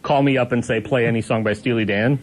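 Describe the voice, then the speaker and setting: A man's voice: medium pitch, fairly even intonation, fast talker. A man hosting a casual radio show from a studio, laughing often and teasing his co-hosts while reading out call-in details. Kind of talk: casual on-air banter.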